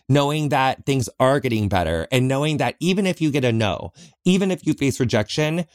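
A man hosting a podcast, talking earnestly and reflectively in a small closet, with frequent pauses and restarts. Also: mid-range voice, no echo, studio quality. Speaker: podcast host. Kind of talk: heartfelt solo podcast talk.

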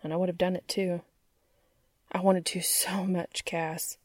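A woman's voice: lowish voice, level tone, a little slow, dry recording, studio quality. A woman reading the lines of a troubled, guarded man who halts and pushes through a raw confession. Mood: confessional.

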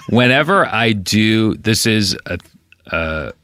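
A man in casual comedic chat, speaking in a slow, dull monotone with many fillers and restarts. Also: on the low side, no echo, studio quality. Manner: halting, full of fillers.

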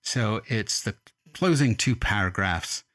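A man interviewing an author in a calm, thoughtful manner, at times reading quotes aloud. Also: on the low side, slow, dry recording. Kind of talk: radio interview.

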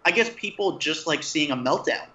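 A man interviewing a guest, a journalist, asking long rambling questions with halting restarts. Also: a little high, expressive, sharp tone. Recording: roomy, dull lo-fi sound.

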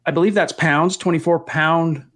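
A man hosts a casual live-stream podcast, his voice sitting a little high for a man. He talks with steady energy as he reads out viewer comments and thanks donors one by one. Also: moderate pace. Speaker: podcast host.

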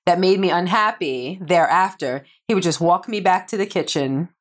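A woman's voice: lowish voice, expressive, normal speed. A woman co-hosting a casual couple's podcast, playful and teasing, often breaking into laughter. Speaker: podcast co-host.

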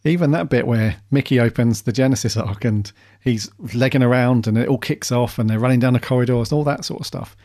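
A man's voice: medium pitch, fairly quick, few pauses, dark tone. A man co-hosting a casual podcast, easygoing and agreeable. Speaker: podcast co-host. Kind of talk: casual chat.

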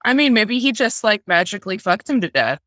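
A woman's voice: mid-range voice, sing-song, a little fast, fairly bright tone, no room sound, clean studio sound. A woman co-hosting a casual podcast, reviewing a bad movie in a wry, amused way. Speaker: podcast co-host.

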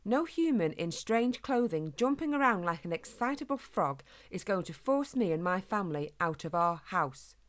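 A woman voicing a grumpy, protective father hedgehog in a storybook, muttering and grumbling gruffly. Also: mid-range voice, animated, normal speed, lightly acted. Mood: firm.

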